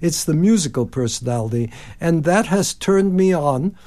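Ninety-year-old man telling lively stories. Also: on the high side, normal speed. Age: 90s. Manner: animated anecdotes, sings phrases and acts out quotes. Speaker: composer guest. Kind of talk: storytelling interview.

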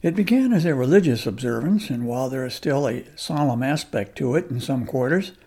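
A man's voice: mid-range voice, animated, fairly quick, dark tone. A man hosting a scripted radio commentary, wry and folksy in tone. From United States.

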